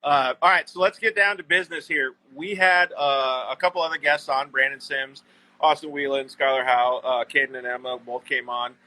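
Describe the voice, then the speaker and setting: Male host, casual live-stream chat, upbeat and rambling, bright edge, dry close sound. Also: mid-range voice, steady tone, moderate pace, no echo, rough recording. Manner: enthusiastic, rambling with fillers. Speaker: show host.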